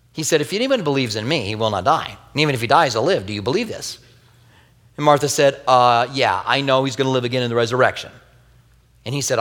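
A man pastor delivers a sermon, retelling a Bible story with earnest warmth and the occasional wry aside. His talk carries a tender, grieving personal note. The voice sits in an average pitch and rings with the long reverb of a church hall.

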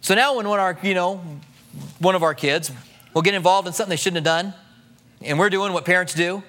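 A man's voice: high-pitched, brisk, a bit bright. A middle-aged man preaching a sermon in a conversational way, acting out the voices of the people he quotes. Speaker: pastor.

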